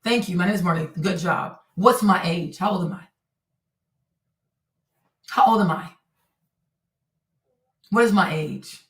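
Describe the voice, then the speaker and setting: Woman streamer, heated live-stream rant, bright voice a little off-mic in an echoey room. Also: fairly low pitch, fairly quick, few pauses, far from the mic. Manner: indignant, repetitive rhetorical questions.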